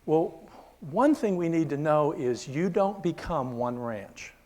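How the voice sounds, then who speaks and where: Older male preacher, fairly high voice, earnest seminar teaching, keeps checking in with the room. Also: expressive, takes it slowly. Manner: earnest, checks in with listeners often; drops to a hushed whisper when telling stories. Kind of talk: conversational sermon teaching.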